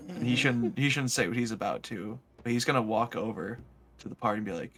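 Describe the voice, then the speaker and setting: Hesitant young man with a bright voice. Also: mid-range voice, fairly quick. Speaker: player. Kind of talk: casual tabletop play.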